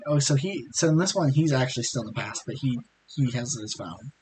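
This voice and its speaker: A hoarse man casually reading fan fiction aloud and commenting, rambling and swearing freely. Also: medium pitch, lively intonation, a little fast, a little mellow, a little hiss or hum, poor audio.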